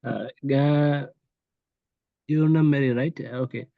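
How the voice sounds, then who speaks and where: A man's voice: mid-range voice, fairly even intonation, creaky, no room sound, narrow, tinny audio. Hesitant man from Bangladesh. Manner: hesitant, halting English with fillers. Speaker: freelancer learning English. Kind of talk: casual conversation.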